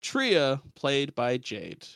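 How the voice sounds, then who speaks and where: A man's voice: medium pitch, huge pitch swings, drawn-out words, creaky, a bit bright, dry recording, studio quality. A young man with a New Zealand accent, hosting and narrating a tabletop game in a dramatic storytelling manner. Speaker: game master and host. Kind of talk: podcast intro and scripted narration.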